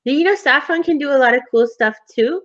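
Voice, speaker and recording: Woman doing a ghost boy, excitable and chatty, very high and squeaky, voice bouncing all over, muffled lo-fi sound. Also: quick pace. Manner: squealing, giddy, high-pitched.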